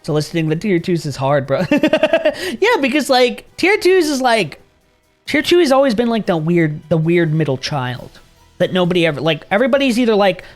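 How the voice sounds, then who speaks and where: Animated, rambling male streamer. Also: high-pitched, moderate pace, soft background music. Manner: rambling, animated, swears freely, laughs often, thanks viewers. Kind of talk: casual chat with viewers.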